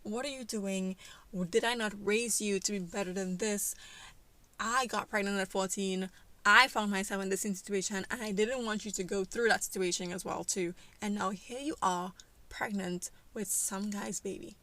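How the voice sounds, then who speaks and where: A woman's voice: mid-range voice, steady tone, normal speed, fairly bright tone, lightly acted. A woman voicing a defensive, stern young mother in a narrated life-sim story, scolding and pushing back.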